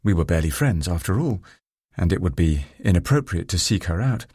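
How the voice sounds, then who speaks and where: A man narrating a first-person novel in a measured, dry and wry manner. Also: sits low, expressive, a little mellow, husky, no room sound. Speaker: audiobook narrator.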